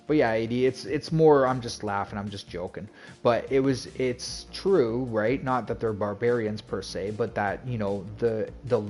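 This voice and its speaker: A man with a lowish voice chats loosely to his stream chat. He rambles and restarts as he tells a story, laughing now and then. Faint music plays underneath. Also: darkish tone. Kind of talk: casual chat.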